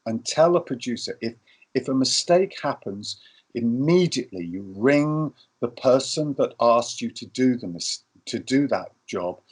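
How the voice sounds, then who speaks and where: A man's voice: mid-range voice, expressive, a little slow, husky. Man giving career advice. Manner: storytelling, acts out quoted lines. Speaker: film industry guest. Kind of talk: advice talk.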